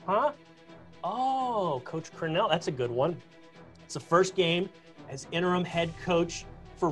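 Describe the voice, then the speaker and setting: A man, a team insider, chatting on a video call in a gushing, talkative way that he calls being a gabber. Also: high-pitched. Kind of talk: casual chat.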